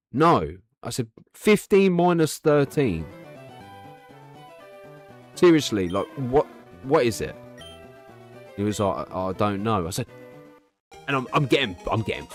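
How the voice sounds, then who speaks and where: A man's voice: low-pitched, fairly bright tone. A young man chatting casually on a stream, rambling and swearing freely as he tells stories. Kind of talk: casual chat.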